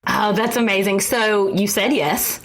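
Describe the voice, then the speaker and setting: A woman's voice: medium pitch, fairly even intonation, unhurried, fairly bright tone, low-quality recording. A woman hosting a casual interview, reacting with enthusiasm. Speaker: podcast host.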